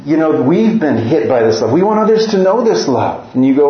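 A man's voice: a little high, very animated, brisk, echoey room, muffled recording. A man from northern Minnesota with a slight Upper Midwest American accent, preaching a sermon as pastor and reading scripture aloud with earnest emphasis.

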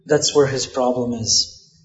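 A man preaching a sermon in a conversational way, often pausing on asides and rhetorical questions. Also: mid-range voice, steady tone, roomy sound, dull audio. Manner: conversational preaching with frequent "you know" asides. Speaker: pastor.

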